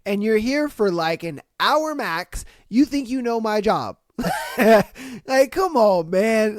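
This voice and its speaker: Animated, profane male podcast host. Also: high-pitched, takes it slowly, no echo, studio quality. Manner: animated, profane, acts out rants loudly. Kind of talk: casual podcast commentary and story reading.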